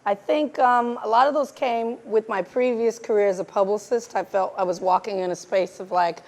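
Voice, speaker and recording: This woman has a mid-range voice and speaks at normal speed with hardly any pauses. As a film director interviewed on stage at a live event, she keeps things conversational and plays out the quoted exchanges in her animated stories.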